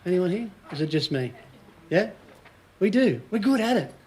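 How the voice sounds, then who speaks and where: Australian coach in his forties, bright and high voice, jokey and conversational with the room. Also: very animated, normal speed. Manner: joking, chatty, quizzes the audience. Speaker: business coach speaking to a small group. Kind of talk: casual motivational seminar talk.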